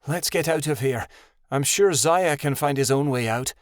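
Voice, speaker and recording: A man's voice: mid-range voice, moderate pace, no room sound, studio quality, pitched above the performer's own voice, lightly acted. A man voicing a troubled young she-wolf who speaks bluntly and defensively. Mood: tense.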